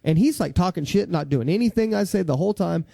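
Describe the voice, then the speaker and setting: Gravelly man telling cop stories. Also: sits high, fast, dry recording, clean studio sound. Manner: profane, animated anecdotes with "you see what I'm saying". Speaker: podcast host, former police officer. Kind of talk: casual conversational storytelling. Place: studio.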